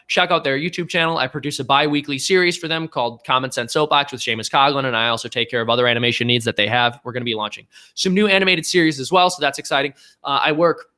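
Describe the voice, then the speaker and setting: A man's voice: mid-range voice, pushed and bright. A young man hosting a livestream Q&A, chatting in an upbeat way with frequent fillers. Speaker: channel host and animator. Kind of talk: livestream Q&A chat.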